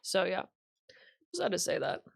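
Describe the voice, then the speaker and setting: A woman's voice: lowish voice, sing-song, moderate pace, gravelly, husky. A young woman hosting a reaction stream. She talks in a blunt, profane and chatty way as she comments casually.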